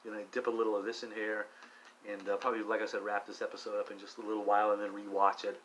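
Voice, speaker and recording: A middle-aged man vlogging alone while high, rambling with many restarts and frequent swearing. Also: little pitch movement, racing, fairly bright tone, a little hiss or hum, rough recording. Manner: meandering, profane, restless restarts. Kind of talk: rambling solo monologue.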